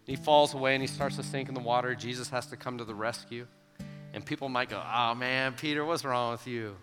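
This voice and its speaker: A youth pastor preaching a sermon to students, animated and emphatic, acting out the voices in the stories he tells. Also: mid-range voice, brisk. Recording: long hall reverb with soft guitar.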